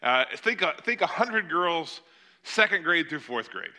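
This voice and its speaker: A man's voice: on the high side, big pitch swings, measured pace, sharp tone. An older man preaching a sermon, retelling a scripture story in a conversational way with joking asides. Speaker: pastor.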